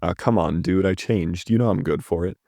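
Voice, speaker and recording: A man's voice: sits low, moderate pace, gravelly, warm tone, dry recording, clean studio sound. A man reading a broke, pushy young guy.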